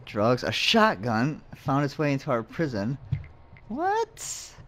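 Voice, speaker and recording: A man's voice: mid-range voice, expressive, normal speed, a bit bright, a little hiss or hum. A man casually commenting as he plays a game, rambling and muttering to himself with jokes along the way. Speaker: let's play host.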